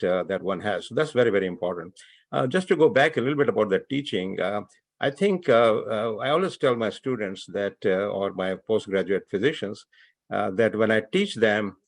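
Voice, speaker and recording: A man with an Indian accent who teaches physicians, speaking on a webinar panel in a halting way, with many fillers and repeated words. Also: fairly low pitch, no echo.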